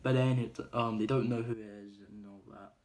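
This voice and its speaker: A man's voice: fairly low pitch, steady tone, normal speed, darkish tone. A man casually retelling a film plot, hesitating often with ums and uhs. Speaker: movie reviewer.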